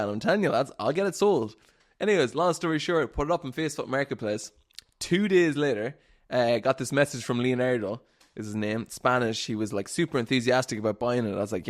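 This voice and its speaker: A man's voice: medium pitch, quick pace. A young man hosting a solo podcast, telling stories in a rambling, casual way, swearing freely and laughing often. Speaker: podcast host.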